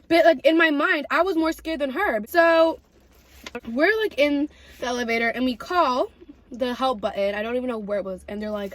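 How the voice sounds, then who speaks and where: A young woman vlogger telling a story while eating, chatty and animated, full of "like" and "literally". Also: high-pitched, a little fast.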